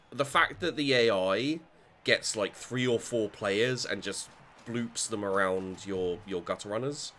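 Gamer guy commentating his own match, bright punchy voice, swears a lot. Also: lowish voice. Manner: animated, swears freely, thinks aloud. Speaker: gaming channel host. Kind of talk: let's play commentary.

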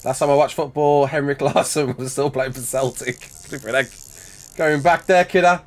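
A man's voice: medium pitch, fairly even intonation, normal speed, a little hiss or hum. A man in his thirties chatting casually with his livestream chat while building in a game, reacting with laughs and sudden outbursts.

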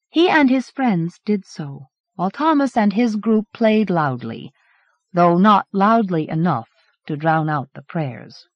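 A woman's voice: fairly low pitch, no echo. A woman narrating a horror novel as an audiobook, from a dull 1980s cassette recording. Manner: expressive storytelling. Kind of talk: scripted narration.

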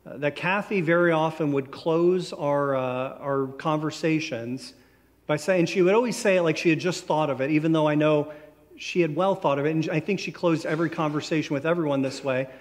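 A man preaching a sermon as pastor, in a conversational storytelling way that slows down for emphatic phrases. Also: fairly high pitch. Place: church sanctuary. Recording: long church reverb.

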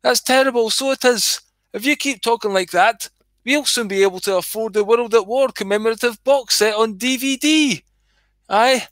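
A man voicing his elderly mother, a shrill and scandalized woman who scolds him for swearing. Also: normal speed, a bit bright, no echo. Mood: outraged scolding. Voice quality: high-pitched, shrieking, scolding. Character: shrill scandalized old Scottish mum.

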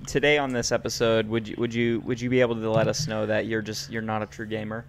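Teasing American man with a gravelly voice. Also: on the low side, level tone, fast talker, slight background noise. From United States. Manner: teasing, joking banter. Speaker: podcast host. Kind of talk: casual chat. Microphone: video call.

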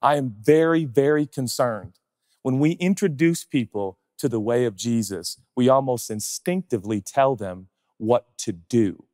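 A male pastor preaching a sermon, animated and conversational, firing off rhetorical questions and chatty asides. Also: mid-range voice, a little slow, no room sound, clean studio sound, big-room sound.

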